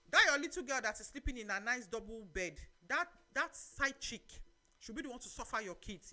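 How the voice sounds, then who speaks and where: A middle-aged woman with a Nigerian accent hosts a live church talk show. Her voice sits fairly high and sounds bright and forceful. She preaches with lively energy, reads out viewer comments and slips into Nigerian Pidgin phrases. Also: brisk.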